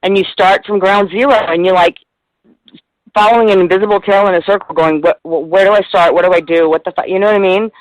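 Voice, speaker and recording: A woman's voice: mid-range voice, steady tone, quick pace, no echo, rough recording. A middle-aged woman guest in a casual radio interview, talking in a rambling, heartfelt way with plenty of swearing.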